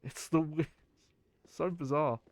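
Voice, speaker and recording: A man's voice: a little high, fairly even intonation, slow pace, darkish tone, no room sound. A man streaming a video game, rambling casually and chatting with his viewers. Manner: rambling, chatty, swears and laughs. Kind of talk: casual gameplay commentary.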